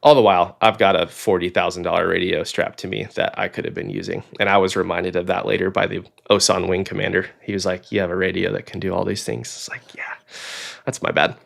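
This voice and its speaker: Deep gravelly man telling a story. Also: fairly quick. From Oklahoma. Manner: animated storyteller, acts out quoted dialogue, frequent "like" and "um". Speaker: podcast guest, fighter pilot. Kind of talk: casual interview storytelling.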